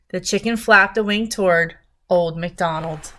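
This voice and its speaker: A woman reading a picture book aloud to children, gently pausing to talk to her young listeners about the pages. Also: lowish voice.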